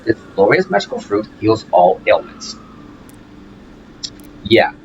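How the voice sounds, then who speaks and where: This let's play host speaks slowly in a low, sing-song voice as game music runs underneath. His casual gameplay commentary is packed with fillers and restarts, and the recording has its highs cut off plus a little hiss or hum.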